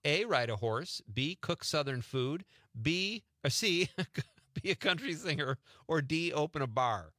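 A man's voice: fairly high pitch, expressive, measured pace, bright, forceful tone, dry recording, clean studio sound. A man hosting a radio talk show, running a trivia quiz with a guest in a casual, teasing way and laughing often.

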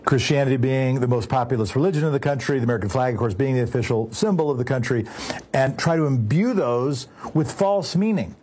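A man's voice: mid-range voice, a little fast, darkish tone, husky. A man hosting a call-in radio talk show, talking earnestly and stressing his points. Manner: earnest, emphatic, restarts phrases.

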